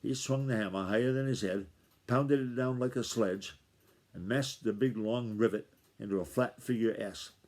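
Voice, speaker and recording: A father reading a chapter of a novel aloud in a steady, plain storytelling manner. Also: medium pitch, normal speed.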